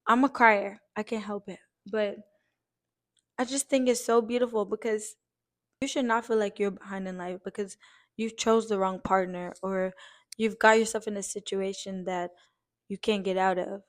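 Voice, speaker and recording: A woman's voice: medium pitch, steady tone, moderate pace. A young woman talking casually to her viewers, earnest and close to tears, giving heartfelt encouragement with many "likes" and a few swears. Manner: earnest, emotional, on the verge of tears; casual, uses fillers like "like" and swears lightly. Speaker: vlogger. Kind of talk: heartfelt encouraging vlog talk.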